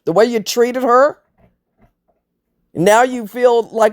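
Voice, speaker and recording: A woman's voice: a little high, takes it slowly. A woman ranting to her viewers in a blunt, scornful, profane way, mocking others in voiced quotes. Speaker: vlogger.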